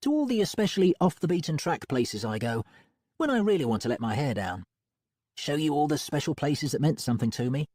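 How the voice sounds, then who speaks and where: A man pitching his voice well up to play a bold, playful young woman, excitable and emphatic. The voice rides high, with a husky edge and dry, close sound. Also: brisk, no echo. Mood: earnest.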